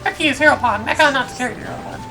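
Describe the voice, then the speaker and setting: A woman's voice: high voice, rapid-fire, close to an everyday voice, rough recording. A woman voicing a small boastful male creature who talks in broken, childlike grammar, with game music behind. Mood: excitable.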